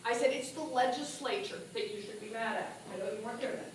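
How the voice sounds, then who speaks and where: A woman giving an animated political speech at a party meeting, asking the audience questions as she goes. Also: a little high, quick pace, few pauses, a little hiss or hum. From New Mexico. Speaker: political speaker. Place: meeting hall. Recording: echoey room from a distance.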